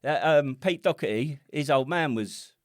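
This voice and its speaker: A man's voice: on the high side, lively intonation, a little slow, dry recording, clean studio sound. A middle-aged man from England, co-hosting a podcast in sweary, rambling banter. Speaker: podcast co-host. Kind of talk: casual chat.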